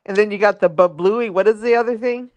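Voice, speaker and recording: A woman's voice: mid-range voice, fairly quick, a little mellow, dry recording, muffled recording. A woman hosting a casual live stream, laughing often as she chats. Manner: laughs a lot, giggly. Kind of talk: casual chat.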